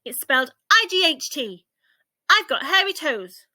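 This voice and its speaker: A woman voicing a cheerful little boy monkey from a storybook, shouting with pride in a high, loud voice. He sounds bright and eager. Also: unhurried, exaggerated voice. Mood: excited. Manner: excited, shouting proudly.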